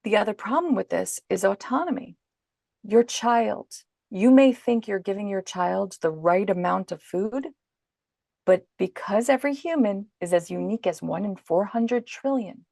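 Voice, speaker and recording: A woman guest on a podcast, calmly and patiently explaining parenting advice in an instructive way. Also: mid-range voice, moderate pace, gravelly, no echo, studio quality.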